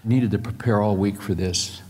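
A middle-aged man preaching a sermon to a room full of people, moving between emphatic points and quiet personal stories. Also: fairly low pitch, fairly even intonation, normal speed. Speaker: pastor. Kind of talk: sermon to a live audience. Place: large room with an audience. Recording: long hall reverb.

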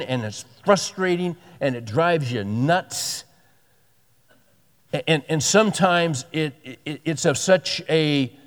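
A man preaching in an earnest, conversational style, his voice a touch higher than most men's. He often repeats and restarts his phrases as he explains a point. The sound carries a long reverb, as if in a large church. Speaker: pastor. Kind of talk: sermon.

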